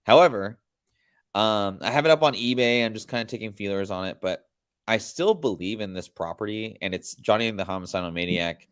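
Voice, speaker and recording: Laid-back, rambling man with a lowish voice. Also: a little fast, smooth. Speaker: podcast host. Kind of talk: casual chat.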